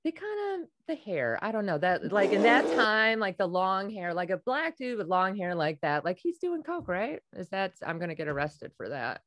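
A woman hosting a casual podcast chat, talking bluntly with lots of swearing and loud laughter. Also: medium pitch, big pitch swings, normal speed, few pauses, noisy background. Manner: profane, blunt, laughs loudly. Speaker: podcast host; comedian.

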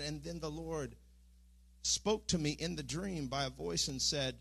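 A middle-aged man preaches a sermon in a church, his voice sitting a touch high for a man. He speaks earnestly, often with halting restarts, and climbs into impassioned pleading. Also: creaky, a bit bright. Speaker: pastor. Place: church sanctuary.

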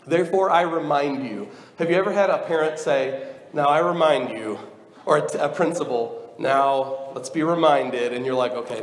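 Young male preacher, high-pitched and earnest; echoey sanctuary, light room noise. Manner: earnest, conversational preaching with rising emphatic exhortations. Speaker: pastor. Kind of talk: sermon. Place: church sanctuary. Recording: echoey church hall with reverb.

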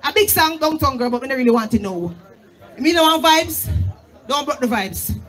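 A Jamaican woman, a dancehall artist on stage, shouting greetings and hyping the crowd during a live show. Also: sits high, expressive, moderate pace. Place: live club event on stage. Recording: loud live event with music and crowd. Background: loud music and cheering crowd.

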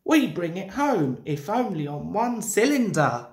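A woman voicing a sharp-tongued male steam engine in a storybook reading, snappish, in a roomy echo. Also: medium pitch, sing-song, unhurried. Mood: scornful.

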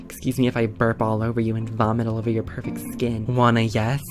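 A man giving comedic, theatrical game commentary as a YouTuber, excitable and prone to shrieking exclamations. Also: mid-range voice, a little fast, music in the background. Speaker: gaming YouTuber.

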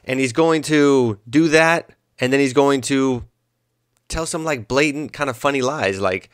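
A man's voice: mid-range voice, unhurried, clear, resonant tone, no echo, studio quality. A young adult man hosting his own podcast, rambling through a comedic monologue. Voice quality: animated, rambling. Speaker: podcast host.

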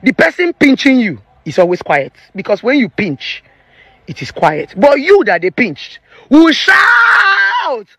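A woman's voice: mid-range voice, sing-song, normal speed, slightly rough, no echo. A woman in her thirties with a Nigerian accent, a relationship therapist giving her opinions in a preachy, emphatic vlog rant. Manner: emphatic and preachy, slipping into Pidgin.

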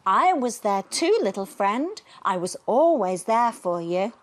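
A woman voicing a kind, gentle magical snowman who speaks in a reassuring way. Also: medium pitch, sing-song, a little slow. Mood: tender. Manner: warm reassuring.

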